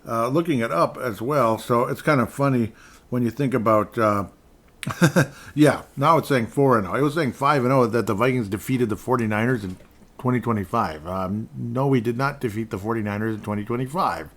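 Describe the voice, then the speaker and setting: A man's voice: medium pitch, moderate pace, fairly bright tone. A man hosting a podcast in casual solo sports talk, rambling as he reads scores off a screen, with dry sarcastic asides. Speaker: podcast host. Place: indoors at a desk in front of a screen.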